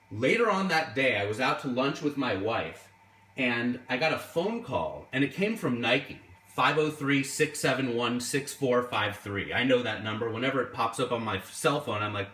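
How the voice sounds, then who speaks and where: A man telling an animated, exasperated story in a casual vlog. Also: mid-range voice, normal speed. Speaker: sneaker collector and museum host. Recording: echoey room, voice from far off.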